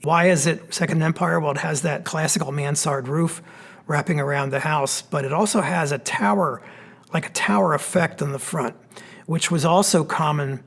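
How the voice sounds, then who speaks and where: A man with a Pennsylvania accent, an architect giving a relaxed, explanatory slide lecture with plenty of fillers. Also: fairly high pitch, moderate pace, vocal fry. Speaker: architect giving a history talk. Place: church hall.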